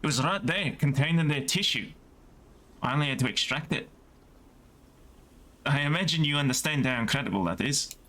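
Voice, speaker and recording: A man voicing an elderly female gardener-scientist with a put-on Welsh accent, speaking softly and earnestly as he reads game dialogue aloud. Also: fairly high pitch, animated, moderate pace, pauses often, pitched above the performer's own voice.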